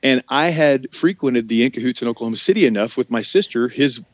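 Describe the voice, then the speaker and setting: Animated male storyteller, dull dry sound. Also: mid-range voice, fast talker, no echo. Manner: animated storyteller who acts out quoted voices. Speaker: guest telling his life story. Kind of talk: casual podcast conversation.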